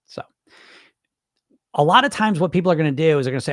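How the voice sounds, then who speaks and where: Fired-up, profane man, high voice. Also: expressive, fast, long pauses, no room sound, studio quality. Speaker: weight loss coach and hypnotist. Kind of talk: livestream talk answering chat.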